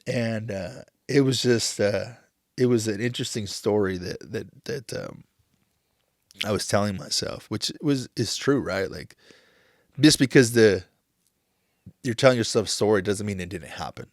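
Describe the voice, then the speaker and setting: A man in his thirties talking on a podcast, emotional and halting, tearing up as he speaks with many restarts. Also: fairly low pitch, dry recording, clean studio sound. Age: 30s. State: tearful. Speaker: podcast host. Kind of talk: casual chat.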